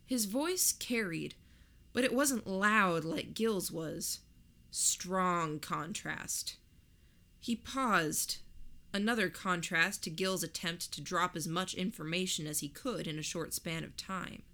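A woman reading a first-person story aloud in a measured, reflective way. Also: lowish voice, pushed and bright. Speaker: narrator. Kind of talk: first-person audiobook narration.

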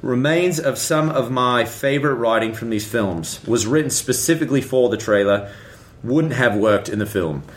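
A man's voice: medium pitch, expressive, moderate pace, close to an everyday voice. A man doing an admittedly poor British-accent impression while reading a screenwriter's comment aloud. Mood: wry. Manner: mock British accent, self-described as horrible.

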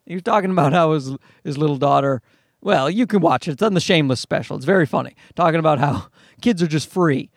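A man's voice: fairly high pitch, fast talker, no echo, studio quality. A man in his thirties, a comedian hosting his own podcast alone, rambling and self-mocking, swearing freely and restarting his sentences. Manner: rambling, self-deprecating, profane, with frequent restarts. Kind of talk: casual solo podcast monologue. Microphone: podcast microphone, dry close sound.

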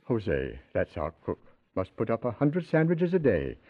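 A man's voice: lowish voice, huge pitch swings, a little slow, exaggerated voice. An actor playing a genteel, earnest man who runs a charity house, in 1940s radio acting style. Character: pious male charity house owner. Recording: tinny old radio broadcast.

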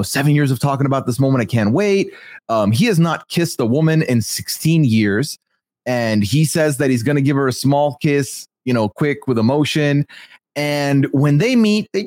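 A man hosting a podcast, recapping in casual chat in a measured, reflective way. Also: medium pitch, a little mellow, no room sound, studio quality. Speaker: podcast host.

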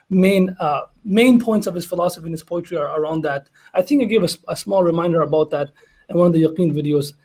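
A man speaking in a casual religious panel discussion, telling stories with lively acted-out dialogue. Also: sits high, slightly rough, low-quality recording. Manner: animated storyteller, acts out dialogue.

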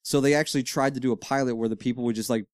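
A man in a casual podcast chat, teasing and arguing back with a ready laugh. His pitch is ordinary and the recording is dry and close. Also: steady tone, very fast, dry recording. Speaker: podcast co-host.

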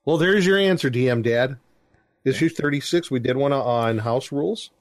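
A man's voice: medium pitch, normal speed, no echo. A middle-aged man hosting a casual podcast, reading listener reviews aloud with jokes, close to a dry mic. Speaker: podcast host.

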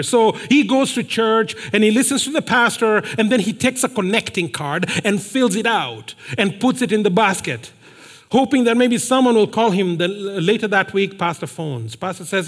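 A man's voice: sits high, lively intonation, moderate pace, a bit bright, big-room sound. A man preaching a sermon, telling a story and stressing points by repeating phrases. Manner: emphatic, repeats phrases for effect.

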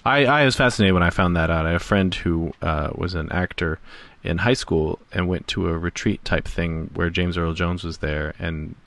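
A man co-hosting a podcast in casual chat, speaking haltingly with restarts and trailing off quietly. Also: deep voice, no room sound. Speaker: podcast co-host.

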